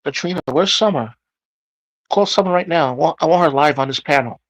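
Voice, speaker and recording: A man hosting a livestream, chatting casually as he reads out viewer comments and reacts to them with loud exclamations. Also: fairly high pitch, fairly quick, dry recording. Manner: exclamatory, reacting aloud to chat. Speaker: livestream host.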